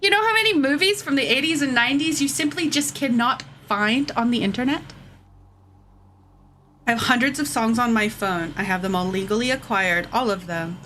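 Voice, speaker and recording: A woman's voice: fairly high pitch, moderate pace, a bit bright, slight background noise. A woman streamer ranting heatedly and profanely to her chat, taking drinks as she goes. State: drinking shots. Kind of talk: casual livestream rant.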